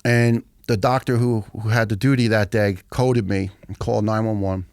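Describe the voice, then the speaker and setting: A middle-aged man, telling his story as a podcast guest in a blunt, profane, animated way. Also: fairly low pitch, moderate pace, no echo, studio quality. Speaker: guest, retired firefighter.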